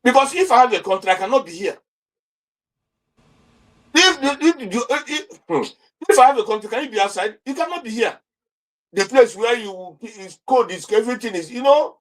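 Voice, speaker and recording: High-voiced Nigerian man ranting. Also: lively intonation, moderate pace, pauses often, a bit bright. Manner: repeats and restarts words when worked up; indignant, rhetorical questions. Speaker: interview guest. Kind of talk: impassioned political commentary.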